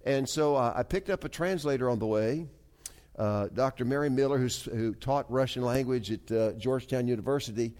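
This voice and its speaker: In a medium-pitched voice, a man preaching as a pastor earnestly relates a story, with many halting restarts and shifts from quiet asides up to emphatic peaks.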